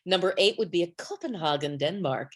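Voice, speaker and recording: Chatty woman co-host, lower voice. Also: expressive, fairly quick. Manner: chatty, laughs easily, playful. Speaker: podcast co-host. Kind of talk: casual chat.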